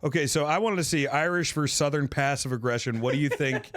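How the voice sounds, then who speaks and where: A man's voice: on the high side, quick pace, a bit bright, no room sound. Joking male podcast co-host. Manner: joking, reads lines aloud, swears casually. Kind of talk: casual podcast chat.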